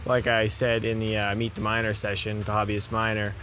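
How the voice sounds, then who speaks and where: A man's voice: on the low side, monotone, a little fast, fairly bright tone, faint music behind. A man co-hosting a live stream, talking in a loose, rambling and enthusiastic way. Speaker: co-host. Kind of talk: casual live stream chat.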